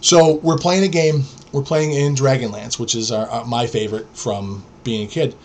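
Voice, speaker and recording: A middle-aged man from New York hosts a podcast, telling stories casually. He is blunt and profane, and he rambles. His voice sits at an ordinary middle pitch. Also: steady tone, moderate pace, a little mellow. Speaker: podcast host. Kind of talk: casual storytelling.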